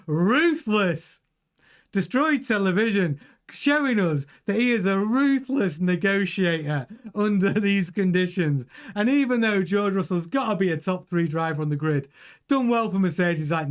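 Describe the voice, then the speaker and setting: Male stream host, high-ish voice, chatty, stumbling restarts. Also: expressive, moderate pace. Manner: chatty, restarts and repeats words. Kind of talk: live-stream news commentary, reading chat.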